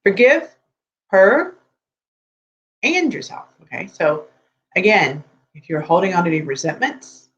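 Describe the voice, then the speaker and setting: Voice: medium pitch, very animated, a little slow, pauses often, fairly bright tone. A dating coach giving chatty, rambling advice on a live stream, often checking in with the viewers. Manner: chatty, rambling, keeps checking in with "okay?" and "right?". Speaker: dating coach for tech men. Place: room with geek collectibles behind. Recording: dull lo-fi sound with faint hum.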